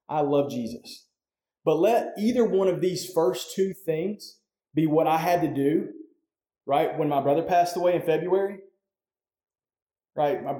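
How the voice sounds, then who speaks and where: A man's voice: fairly high pitch, dark tone, reverberant. A man preaching a sermon as pastor, talking conversationally and often checking in with "right?".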